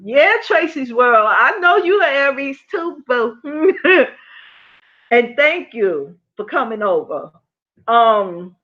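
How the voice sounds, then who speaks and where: Woman vlogger, casual live storytelling, higher voice, slow delivery, dull audio. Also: fairly bright tone. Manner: chatty, asks viewers "you know?" often; acts out past dialogue in her own voice. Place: her apartment. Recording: dull lo-fi sound.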